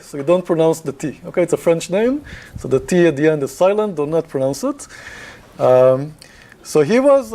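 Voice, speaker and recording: Lecturer man with a mellow voice. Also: fairly high pitch. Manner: conversational, many fillers, asks class questions. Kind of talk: university lecture.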